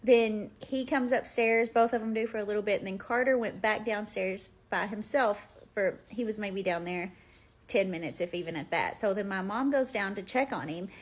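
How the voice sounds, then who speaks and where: A woman's voice: mid-range voice, normal speed. Woman, thirties, rambling casual storytelling, phone mic, at home. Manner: rambling, full of "like" fillers. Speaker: vlogger.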